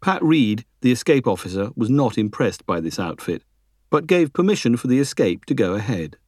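A man reading a history book aloud as a narrator, measured and lifting his pitch for emphasis. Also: very animated, a little mellow, no room sound, clean studio sound. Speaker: audiobook narrator.

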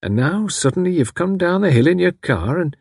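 A man reading aloud takes on a heavily acted, high-pitched voice above his own for a friendly, somewhat odd housewife in a lonely country house, chatty and rambling in a homely way. His delivery swings widely in pitch, runs a little fast, and sounds gravelly, a little mellow and husky. The studio sound is clean with no echo.

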